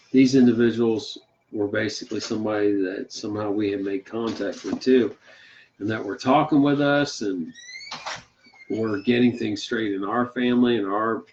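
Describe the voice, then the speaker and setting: A man's voice: on the low side, a little mellow, a little hiss or hum. A man co-hosting a podcast, sharing a faith testimony in a folksy, emphatic, rambling way. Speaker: podcast co-host. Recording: slightly muffled audio.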